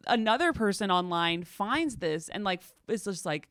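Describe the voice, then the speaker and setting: A woman's voice: medium pitch, lively intonation, normal speed, a bit bright, no echo. A young woman co-hosting a podcast in casual chat, rambling with lots of fillers and a wry tone. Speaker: podcast co-host.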